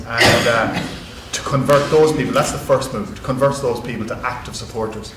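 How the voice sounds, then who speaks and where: A man's voice: mid-range voice, steady tone, unhurried. An Irish man speaking on a conference panel as a rugby club executive, talking earnestly with many fillers and restarts. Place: university conference hall. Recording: echoey hall with background noise.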